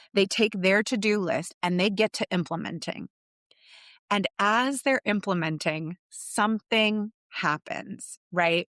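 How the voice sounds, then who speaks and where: A middle-aged woman, a business coach, telling a story in a podcast monologue and acting out her clients' inner voices with animated shifts. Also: fairly low pitch, no echo, clean studio sound.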